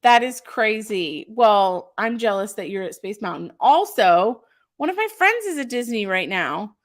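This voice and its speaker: Running a casual live stream for her small craft shop, this woman raves about her products with frequent filler "ums," reading out viewers' comments and replying. She has a sing-song, medium-pitched voice and a measured pace.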